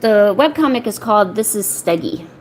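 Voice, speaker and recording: A woman streaming a painting session from home, chatting casually and rambling with lots of restarts, often cooing softly to her cat. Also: mid-range voice, lively intonation, normal speed, slight background noise, low-quality recording. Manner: rambling, self-interrupting, soft baby talk to her cat. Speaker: art streamer. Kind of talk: casual chat while painting. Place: home, indoors.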